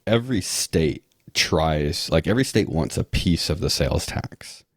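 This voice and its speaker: A man's voice: very deep voice, animated, unhurried, no room sound. A man talking as a podcast guest in a loose, rambling way, full of restarts, fillers and dry sarcastic asides. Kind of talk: casual interview chat.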